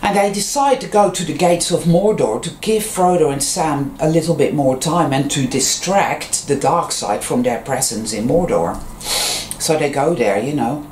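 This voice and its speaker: A speaker in a loose, meandering monologue that leans on fillers, breaks off and restarts thoughts, and jumps in pitch when a story gets going. The voice sits at an ordinary middle pitch. The sound is roomy and echoey, with faint ambient noise underneath. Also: moderate pace, a little mellow. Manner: rambling, peppered with fillers and restarts. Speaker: vlogger. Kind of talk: casual spiritual monologue. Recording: roomy echo.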